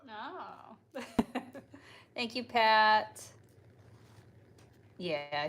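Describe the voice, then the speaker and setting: A woman hosts a relaxed livestream at an unhurried pace, chatting, joking and coaxing her animals. Her voice sits at a middling pitch. Loud frying and sizzling fill her home kitchen. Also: slight background noise. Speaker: livestream host. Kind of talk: casual livestream chat.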